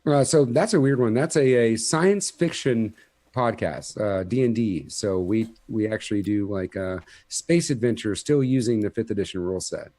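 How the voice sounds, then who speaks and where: A fairly low-voiced man talks as a guest after a tabletop game session. He rambles cheerfully and restarts his sentences often. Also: animated, normal speed, warm tone, no echo. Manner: rambling, self-interrupting, upbeat. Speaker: guest player, podcast game master. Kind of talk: casual chat.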